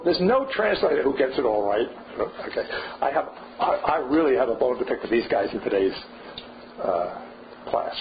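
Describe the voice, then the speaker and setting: An older man leading a seminar on scripture, thinking aloud with frequent restarts and asides. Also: on the high side. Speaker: seminar leader. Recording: dull lo-fi recording with faint hiss.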